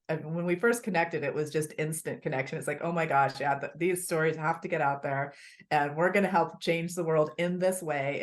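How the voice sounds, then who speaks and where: A woman author, a guest on a podcast, talking in an earnest, animated storytelling way. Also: low voice. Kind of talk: conversational interview.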